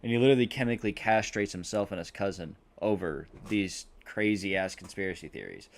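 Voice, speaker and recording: A man's voice: lowish voice, animated, brisk, a little hiss or hum. A man on a podcast rambling through a film plot, swearing freely and acting out the characters' lines. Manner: rambling, swears a lot, acts out quotes. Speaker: podcast host. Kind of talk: casual movie recap.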